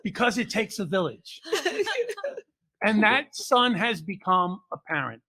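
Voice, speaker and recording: An older man hosting a show, telling comic family stories with deadpan punchlines and acting out what his relatives said. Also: high voice, unhurried. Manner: deadpan punchlines, acts out quoted family members. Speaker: podcast host. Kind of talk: comic storytelling.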